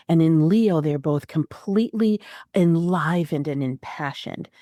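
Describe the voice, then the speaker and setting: A woman hosts an astrology podcast and talks through spiritual guidance in an expressive way, with frequent fillers. Her voice is low and mellow, recorded close and dry. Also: no echo.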